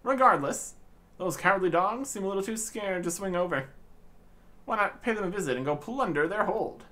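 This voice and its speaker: A man's voice: sits high, lively intonation, normal speed, pushed and bright, voice pushed up. A man voicing a stern, impatient male ship captain in a game, scolding and bossy. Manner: scolding, bossy, nautical talk.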